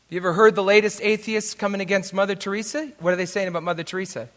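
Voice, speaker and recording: A man preaching, telling a personal story with dramatic shifts between loud moments and hushed asides. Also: high voice, steady tone, rapid-fire, few pauses. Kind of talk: sermon storytelling. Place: live church event in a large hall. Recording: reverberant hall.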